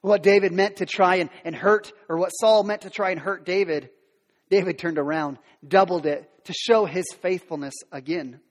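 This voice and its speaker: A man's voice: high voice, fairly even intonation, moderate pace, big-room sound. A male preacher retelling a Bible story in a conversational sermon, with modern asides.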